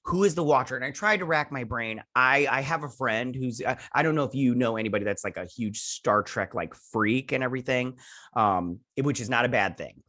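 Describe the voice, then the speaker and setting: A man's voice: mid-range voice, brisk, pushed and bright. Guy rambling through an episode recap, super casual, tons of ums and likes, does silly voices for quotes. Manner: loose and chatty, heavy with fillers and restarts, acting out quotes in goofy voices. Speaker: show host reviewing a TV episode.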